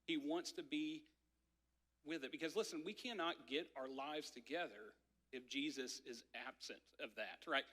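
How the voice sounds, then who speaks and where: Bright-voiced pastor in echoing church. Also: male voice, on the high side, moderate pace. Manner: conversational, many "like" fillers, animated storytelling. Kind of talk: sermon with personal story. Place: church sanctuary. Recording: church hall reverb.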